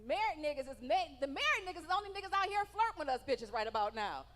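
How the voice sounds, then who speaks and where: A woman's voice: high voice, expressive, fast talker, fairly bright tone. A woman doing a stand-up comedy set on stage, brash and profane, teasing people in the audience. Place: comedy stage in a large hall. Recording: live venue with long hall reverb.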